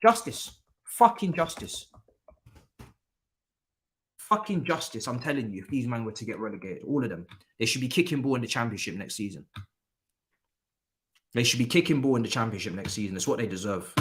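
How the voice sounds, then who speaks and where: A man's voice: mid-range voice, lively intonation, fairly quick, long pauses, fairly bright tone. A man with hosting a live football watchalong, angry and swearing in a repetitive rant.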